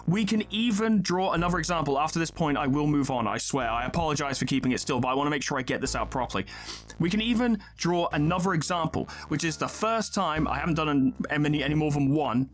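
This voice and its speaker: A man talking over his let's play in casual video game commentary, rambling and correcting himself with apologetic asides. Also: fairly high pitch.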